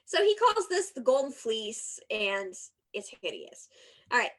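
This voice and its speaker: A woman's voice: a little high, sing-song, measured pace. A woman co-hosting a podcast, telling a story in a casual, chatty way with playful asides and giggles. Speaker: podcast co-host.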